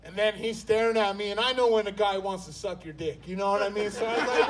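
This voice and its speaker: Male stand-up comic, high voice, profane animated storyteller who acts out his characters. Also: brisk, distant mic, crowd noise. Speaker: stand-up comedian.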